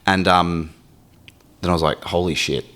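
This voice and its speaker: A man's voice: deep voice, fairly even intonation, normal speed, a bit bright. A man speaking candidly as a podcast guest, emotional and swearing freely, acting out his inner voice. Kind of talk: candid conversation.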